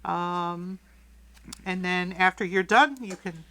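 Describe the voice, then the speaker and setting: A woman's voice: fairly low pitch, steady tone, slow, a bit bright, poor audio. A woman chairing a town committee meeting, explaining the interview process in an upbeat, friendly way. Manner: upbeat, joking between items.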